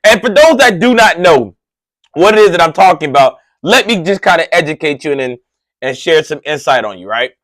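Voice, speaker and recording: An excitable male radio host telling a story, his voice sitting high and leaping all over the place. He talks in loose slang with lots of "right?" asides and gets louder as he gets worked up. The sound is close and dry. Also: a little fast, no echo. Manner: excitable, swings loud and high when worked up. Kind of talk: animated storytelling monologue.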